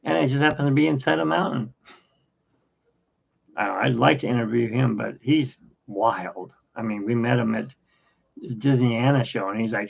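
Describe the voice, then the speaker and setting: Man, 50s, podcast host, gravelly, rambling, halting, dull lo-fi recording. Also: medium pitch. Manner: rambling, anecdotal, halting with fillers. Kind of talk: casual rambling chat. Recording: dull lo-fi sound.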